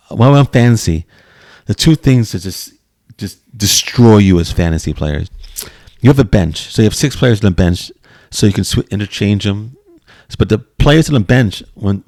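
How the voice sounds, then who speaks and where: An exasperated man rants casually to his camera, excitable and prone to stumbling restarts. His voice sits at an ordinary middle pitch and sounds dry and close, with no room around it. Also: no room sound. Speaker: vlogger.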